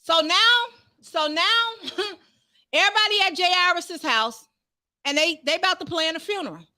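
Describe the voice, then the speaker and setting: High, bright-voiced woman preaching fervently. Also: moderate pace, no room sound. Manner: fervent, rising to shouts, calls out to the congregation. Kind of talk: sermon.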